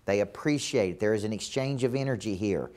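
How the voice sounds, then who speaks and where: A man with a lowish, slightly mellow voice and a Southern US accent speaks a little fast while teaching a live coaching seminar as a business coach. He hammers points home repetitively and often checks that listeners follow.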